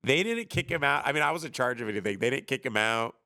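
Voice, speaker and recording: A man's voice: medium pitch, lively intonation, fast talker, sharp tone, no room sound, clean studio sound. A man in his thirties telling rambling comedic stories on a livestream, sarcastic and full of mocking put-on voices. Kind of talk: casual comedic storytelling rant.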